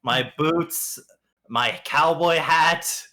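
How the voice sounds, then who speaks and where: A man's voice: a little high, very slow, sharp tone. A man playing his character in a tabletop game, rambling in a drawling way. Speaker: player. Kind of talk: casual in-character role-play.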